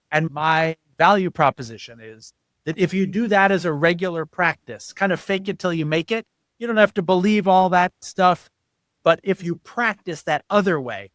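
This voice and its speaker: Earnest man explaining, slightly high voice. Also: moderate pace, a bit bright, no echo. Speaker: podcast guest. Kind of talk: conversational podcast interview.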